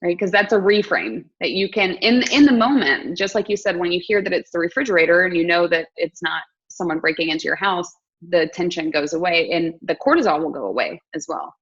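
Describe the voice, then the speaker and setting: Woman host, reflective interviewer, lowish voice, muffled recording. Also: fairly quick, fairly bright tone, slightly rough. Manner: reflective, thinks aloud with restarts. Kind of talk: conversational interview.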